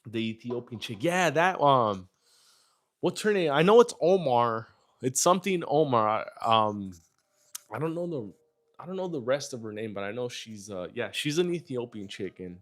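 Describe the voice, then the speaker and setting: A man's voice: medium pitch, lively intonation, normal speed. A man from New York hosting a casual livestream, chatting loosely and profanely while reading out viewer comments. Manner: loose and profane, reads chat aloud. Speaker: livestream host. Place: home in Texas.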